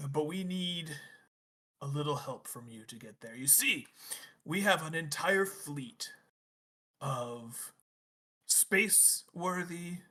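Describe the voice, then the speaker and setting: A man playing a brash space rogue who pitches a deal in a low, conspiratorial, persuasive voice. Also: animated, slow pace, pauses often, sharp tone, heavily acted. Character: brash smooth-talking male space rogue.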